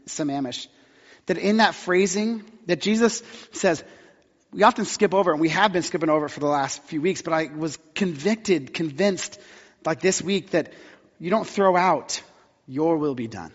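Male pastor, high voice, chatty storytelling sermon, muffled hall sound. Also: moderate pace. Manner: storytelling, conversational with acted-out quotes. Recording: dull sound with long hall reverb.

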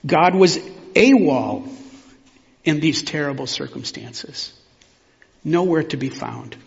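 Male pastor, sermon delivery, measured and reflective, slightly higher voice, church reverb and a dull sound. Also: animated, gravelly. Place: church sanctuary.

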